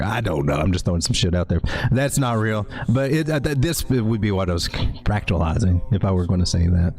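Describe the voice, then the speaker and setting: A man from the American South with a Southern accent, hosting a late-night crypto livestream. He is tired and cranky, and he rambles, jokes and swears as he rants. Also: medium pitch. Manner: rambling, joking, animated and swearing. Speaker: crypto stream host.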